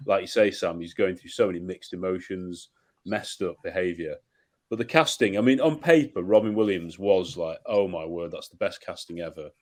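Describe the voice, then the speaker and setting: A man on a podcast, reflecting thoughtfully on a film in a casual chat, often restarting his sentences. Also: low voice. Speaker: podcast guest.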